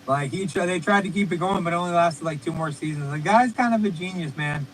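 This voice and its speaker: A man's voice: a little high, quick pace, fairly bright tone, slight background noise, low-quality recording. A man hosting a casual, profane online stream chat, talking loosely and rambling. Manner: loose, rambling, swears freely. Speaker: podcast host. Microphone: remote stream call.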